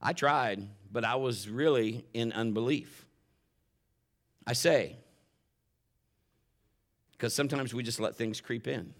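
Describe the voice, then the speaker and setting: A man preaching a sermon, often climbing louder and higher when he drives a point home. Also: takes it slowly, pauses often. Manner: impassioned, rises sharply in pitch and volume when stressing points; admits getting emotional while preaching. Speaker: pastor.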